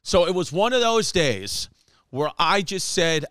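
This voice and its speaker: A man's voice: high voice, smooth, no room sound, clean studio sound. A man, a comedian and podcast host telling a rambling story and acting out the people in it. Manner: animated, acts out quotes, rapid run-on storytelling.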